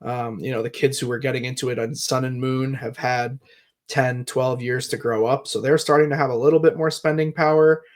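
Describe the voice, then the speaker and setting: Man, 30s, co-host, mid-pitched voice, rambling explainer, casual chat. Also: fairly even intonation, fairly quick. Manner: rambling, hedging with fillers as he explains. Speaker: podcast co-host. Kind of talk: casual chat, market talk.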